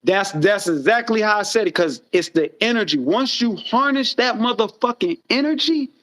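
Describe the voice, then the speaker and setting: A man with a notably high voice rambles through his stories in casual chat. He is animated and swears often, and his phrases keep circling back on themselves. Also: normal speed. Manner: rambling, animated storytelling with frequent profanity.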